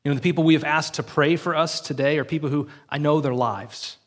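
A man's voice: on the high side, steady tone, fairly quick. A male pastor giving an earnest, conversational sermon and often checking in with the congregation.

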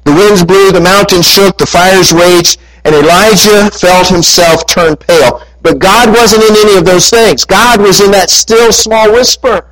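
Man preaching a lively sermon. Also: sits high, poor audio. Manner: storytelling, reading scripture aloud with lively emphasis.

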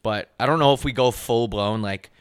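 A man's voice: mid-range voice, normal speed, clean tone, dry recording, clean studio sound. A young man co-hosting a casual podcast, talking loosely with lots of fillers and swearing. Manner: laid-back, filler-heavy, swears a lot. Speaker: podcast co-host. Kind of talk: casual chat.

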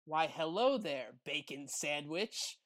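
A man voicing a menacing teenage female fox bully, speaking in a sadistically low, quiet voice. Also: expressive, slow pace.

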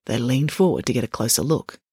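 A woman narrating a children's audiobook in an expressive storytelling manner. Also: very deep voice, fairly quick, slightly rough, no echo, clean studio sound. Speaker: narrator, author.

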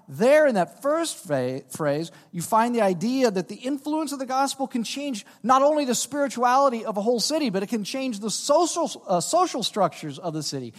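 A man's voice: very high voice, big-room sound. A man preaching a sermon as pastor, emphatic and checking in with his congregation as he goes. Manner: emphatic preaching with frequent "okay?" check-ins.

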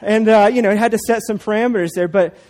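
A man's voice: high-pitched, fairly even intonation, fast talker, darkish tone. A man in his thirties, a pastor, preaching a sermon and telling a family story with playful asides.

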